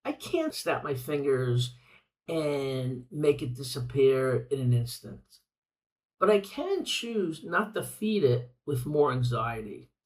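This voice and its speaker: A man's voice: medium pitch, expressive, slow, recorded from a distance, poor audio. An older man hosting a reflective podcast monologue, speaking earnestly and repeating phrases for emphasis. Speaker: podcast host.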